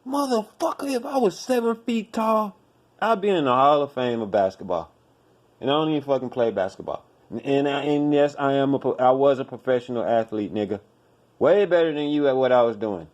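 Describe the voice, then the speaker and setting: A man's voice: medium pitch, lively intonation, a little fast, a little mellow. A man hosting a podcast, ranting in blunt, profane commentary and hammering his points with repetition. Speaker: podcast host.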